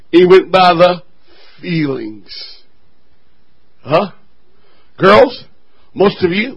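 A male pastor preaching a fiery sermon with call-and-response, building to shouted refrains. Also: fairly high pitch, gravelly, slightly rough, muffled recording.

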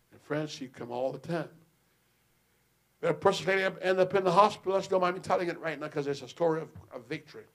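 A high-pitched man preaches to his congregation in a church. He moves between soft, low storytelling and loud, ringing exclamations. Amens and hallelujahs punctuate his delivery. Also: fairly quick. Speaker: pastor. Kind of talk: sermon.

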